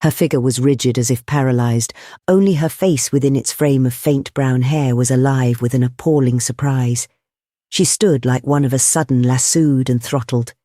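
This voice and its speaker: This is scripted audiobook narration, delivered evenly and deliberately by a man with a medium-pitched voice. The studio sound is clean, with no echo.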